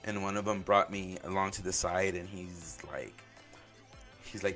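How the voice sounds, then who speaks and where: A man hosting a podcast, telling his own story in an earnest, halting way, full of "like" and "um". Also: low-pitched, fairly even intonation, a bit bright, faint music behind. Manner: earnest, openly emotional. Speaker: podcast host. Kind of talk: personal storytelling.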